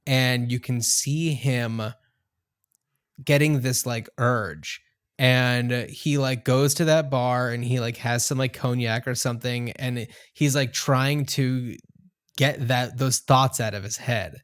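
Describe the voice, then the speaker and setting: A man co-hosting a podcast, laying out his point about a film in a measured, step-by-step way. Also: mid-range voice, fairly even intonation, clean tone. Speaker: podcast co-host. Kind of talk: casual film discussion.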